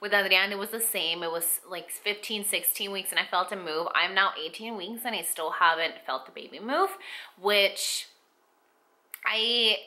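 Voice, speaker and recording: A young woman talks straight to camera in a loose, rambling vlog, full of fillers and restarts. Her voice is very bright and a little teary, with a tearful, emotional edge that runs through the whole update. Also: fairly low pitch. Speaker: vlogger. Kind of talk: casual pregnancy update vlog.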